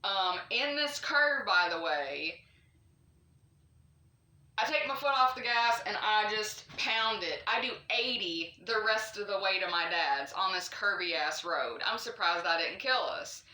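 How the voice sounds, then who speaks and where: A woman's voice: mid-range voice, a little slow, roomy sound. Chatty woman telling a scary story. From North Carolina. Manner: chatty and animated, with swearing, fillers and asides. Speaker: vlogger. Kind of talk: casual storytelling to camera.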